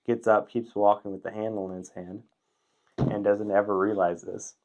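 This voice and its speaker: Man, low-ish voice, casual podcast storyteller, rambling and chuckling. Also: level tone, moderate pace, darkish tone, dull audio.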